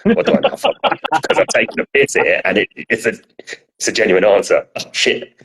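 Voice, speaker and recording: A man's voice: fairly low pitch, animated, normal speed, a bit bright. A man with a South London accent co-hosting a podcast in casual chat, teasing and self-deprecating, with some swearing. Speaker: podcast co-host.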